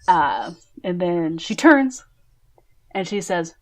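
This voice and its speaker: A woman's voice: fairly low pitch, lively intonation, slow, slight background noise. A woman running a tabletop game as game master, narrating scenes in a casual, descriptive way with many fillers.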